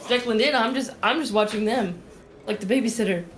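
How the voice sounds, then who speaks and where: A woman playing a tabletop game, making wry, low-key asides. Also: a little fast. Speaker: player. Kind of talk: casual tabletop chat.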